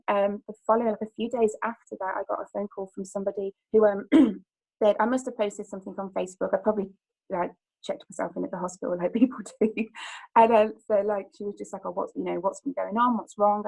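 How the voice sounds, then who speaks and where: A woman in her thirties with a gravelly, creaky edge and a mid-range pitch. She tells her own story on a call in a rambling way, full of "like"s and restarts. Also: a little mellow, low-quality recording. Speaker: personal trainer. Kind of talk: personal testimony on a group call.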